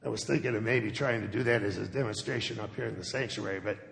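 A man's voice: on the low side, fast talker, creaky, a bit bright. A male pastor giving a sermon in a church sanctuary, telling the story conversationally and often checking in with his listeners. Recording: echoey sanctuary with long reverb.

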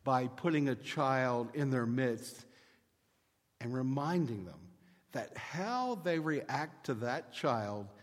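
A male pastor preaching a sermon in a measured, storytelling manner. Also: mid-range voice, lively intonation, big-room sound.

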